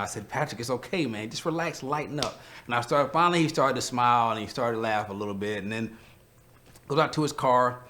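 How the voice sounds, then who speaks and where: A man's voice: lowish voice, a bit bright. A young man, a coach, telling a rambling personal story in a tribute to a friend, holding back tears.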